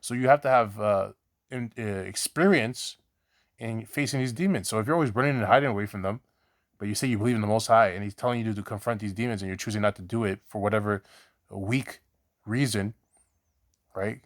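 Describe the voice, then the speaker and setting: This preacher's voice sits on the low side, and he moves at a brisk clip over a dry, studio-quality recording. His scripture teaching is casual and chatty, peppered with "right?" and restarts, and he doesn't mince words, dropping profanity into his examples.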